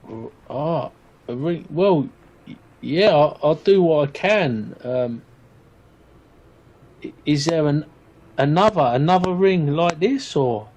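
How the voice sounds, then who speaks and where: Player, male, mid-high voice, hesitant and thoughtful in character. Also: animated, slow pace, long pauses, darkish tone, rough recording. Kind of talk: speaking in character in a tabletop game.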